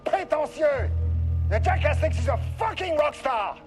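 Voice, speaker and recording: A scornful French scientist. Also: male voice, very high-pitched, big pitch swings, normal speed. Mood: furious. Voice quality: resentful, scornful, swings between muttering and shouting. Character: bitter, arrogant male French scientist running a lab. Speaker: game character. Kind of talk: video game voice acting. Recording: game audio with loud music behind.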